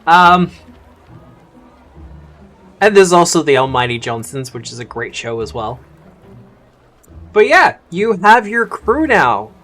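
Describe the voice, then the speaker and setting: A man running a tabletop game as game master, calmly walking players through the rules with plenty of fillers. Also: a little high, takes it slowly, long pauses, faint music behind. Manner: easygoing, explains rules step by step with fillers.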